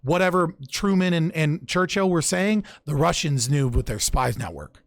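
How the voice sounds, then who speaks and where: A man's voice: fairly high pitch, lively intonation, moderate pace, dry recording, clean studio sound. A young man casually recounting political history on a podcast, loose and profane, often restarting his sentences. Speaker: podcast speaker.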